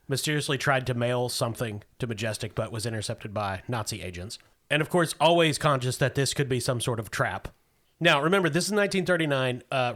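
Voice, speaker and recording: A man's voice: mid-range voice, a bit bright. A man running a tabletop game, narrating scenes steadily and breaking in with casual asides. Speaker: game master.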